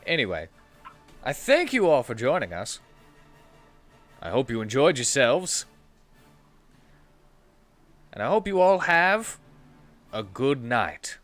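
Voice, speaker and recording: A man narrating a tabletop game as dungeon master, animated and halting, with restarts. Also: mid-range voice, faint music behind.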